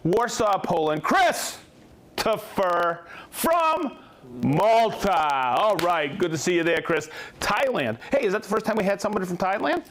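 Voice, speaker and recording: This company livestream host's voice sits high and sounds fairly bright, with big pitch swings and an unhurried pace. Upbeat and chatty, he shows off tools live and reads out the hometowns of people watching.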